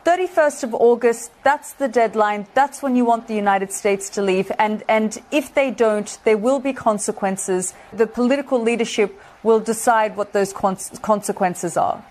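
A woman conducts a broadcast news interview. She presses for clarity with firm, probing questions. Her voice sits slightly high. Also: normal speed, hardly any pauses, a little mellow.

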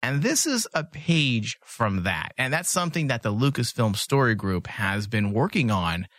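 A man's voice: medium pitch, sing-song, normal speed, a bit bright, no echo. A man co-hosting a casual podcast, talkative and joking, sometimes reading summaries aloud. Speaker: podcast co-host.

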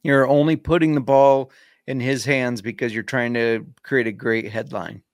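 Male co-host, mid-pitched, steady and opinionated, casual cursing, dry close mic. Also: no room sound. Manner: measured, opinionated, casual swearing. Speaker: podcast co-host. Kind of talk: casual podcast chat.

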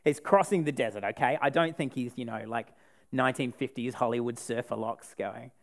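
A man's voice: mid-range voice, a little fast, creaky. A man preaching a sermon in a casual, joking way, acting out the people in the story he retells. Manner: animated, acts out the people in the story.

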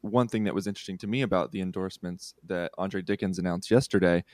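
A man reporting on a podcast, talking in a measured way with frequent fillers. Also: low voice, steady tone, darkish tone, no echo. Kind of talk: casual news podcast discussion.

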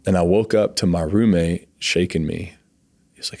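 A man telling his personal faith testimony in an earnest, emotional, halting way, often pausing on "like". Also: low voice, steady tone, vocal fry, a little mellow, dry recording, studio quality. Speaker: guest sharing his testimony.

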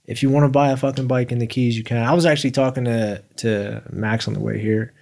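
A man's voice: mid-range voice, fairly even intonation, fast, vocal fry, warm tone. A man talking as a guest on a casual show about recovery, easygoing and swearing often. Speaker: podcast guest.

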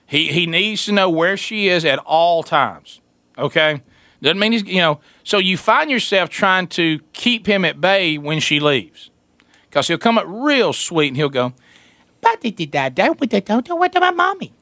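A man in a casual chat, telling a family story with lots of laughter and squeaky impressions of a toddler. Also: unhurried, dry recording. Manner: animated storyteller, high squeaky voices for a toddler, laughs often.

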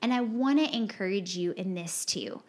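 A woman co-hosts a podcast in relaxed, candid conversation. She is animated and expressive, often jumping into a higher voice to mimic her friends. Her pitch sits in the middle range for a woman. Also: moderate pace. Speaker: podcast co-host. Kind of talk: casual podcast chat.

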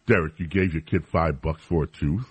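A man's voice: extremely low pitch, normal speed, breathy edge. A man hosting a talk radio show, chatting casually and teasing his guest in an opinionated way.

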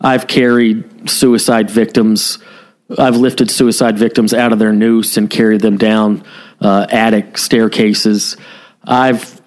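A man's voice: lowish voice, flat delivery, slow. A man on a podcast, a former police officer, candidly telling a story in casual chat with frequent swearing. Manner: candid, heavily profane storytelling.

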